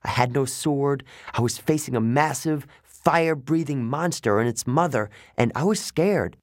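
A man's voice: medium pitch, normal speed, dry recording. Man narrating an audiobook, dry sound. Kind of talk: first-person audiobook narration.

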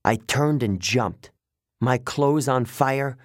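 A man reading a first-person story aloud as an audiobook narrator, with tense, steady storytelling. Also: medium pitch, slow pace, dry recording, studio quality.

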